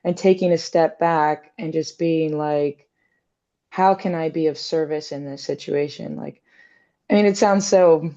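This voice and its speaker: A woman's voice: low-pitched, steady tone, a little slow, mellow, lo-fi sound. A woman in casual reflective conversation, thinking aloud with many fillers and little acted-out quotes.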